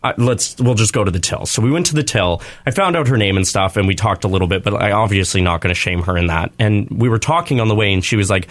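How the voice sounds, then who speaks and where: A man hosting a radio show, telling a long personal story in an earnest, rambling, animated way. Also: on the low side, fast, hardly any pauses. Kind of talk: casual on-air storytelling.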